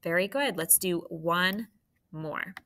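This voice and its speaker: A woman's voice: lowish voice, sharp tone, slight background noise. A woman teaching a phonics lesson to third graders, patient and encouraging. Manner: patient, encouraging, slow and clear. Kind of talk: phonics lesson for young students.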